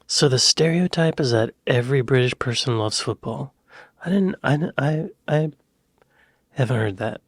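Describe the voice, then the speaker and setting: A man's voice: medium pitch, normal speed, breathy edge, no room sound. Musing American man, dry close sound. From United States. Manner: musing, hesitant, chuckling asides. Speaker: reaction video host. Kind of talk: casual reaction commentary.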